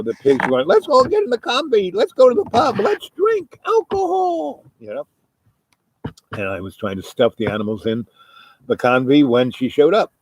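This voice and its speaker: A man's voice: mid-range voice, a little mellow, no echo. A man telling a long, rambling personal story, full of asides and trailing fillers. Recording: noisy background hiss.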